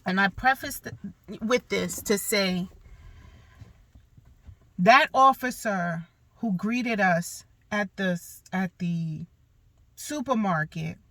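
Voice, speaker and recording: A woman's voice: medium pitch, slow, long pauses, fairly bright tone, no echo. Candid, emphatic woman telling a story. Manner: candid, emphatic, blunt with occasional profanity. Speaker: podcast host. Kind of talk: personal storytelling monologue.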